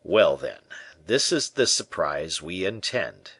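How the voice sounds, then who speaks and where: A man voicing a suave, scheming churchman who speaks in soft, honeyed tones. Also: sits low, very animated, takes it slowly, husky, no room sound, full character voice.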